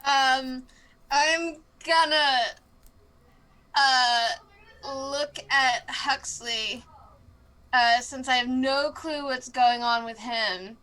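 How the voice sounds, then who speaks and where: A woman playing a tabletop game, talking hesitantly with many pauses and fillers. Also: sits high, steady tone, pushed and bright, rough recording. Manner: hesitant, lots of uh and um. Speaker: player.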